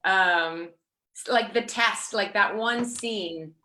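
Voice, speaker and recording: Speaking slowly in a bright, forceful, medium-pitched voice, this guest actor, a woman in her thirties, rambles through a casual interview chat full of fillers and false starts.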